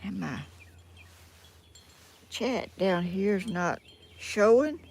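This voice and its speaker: Her mid-range voice is gravelly and darkish, animated yet very slow. She's an older woman with a Southern American accent, from Georgia in the United States, hosting a casual live-stream chat outdoors in the sun, talking in folksy rural speech, flustered and self-deprecating while fumbling with her phone and tablet.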